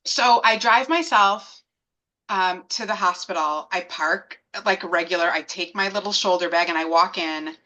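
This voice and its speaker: Woman in her 30s, guest telling a personal story, bright edge, lively, plays out both sides of old conversations. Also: fairly low pitch, normal speed, dull audio. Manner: animated, acts out both sides of remembered conversations. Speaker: interview guest.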